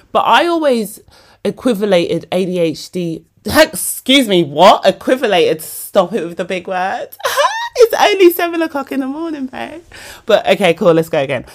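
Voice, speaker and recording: A woman, hosting a podcast and talking casually and emotionally about herself, often calling the listener babe. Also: medium pitch. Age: 40s. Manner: chatty, emotional, self-mocking, calls listener babe. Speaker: podcast host. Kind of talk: casual personal monologue. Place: bedroom at home.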